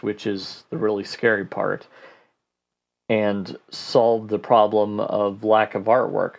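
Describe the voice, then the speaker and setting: A podcast host with a lowish, creaky voice answers listener questions in a relaxed question-and-answer format. He thinks aloud, filling his speech with fillers.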